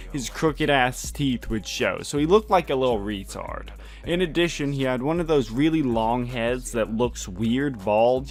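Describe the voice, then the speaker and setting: Laughing, slangy young man telling a story. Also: mid-range voice. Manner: laughs often, slangy, profane, animated. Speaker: vlogger. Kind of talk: casual storytelling vlog.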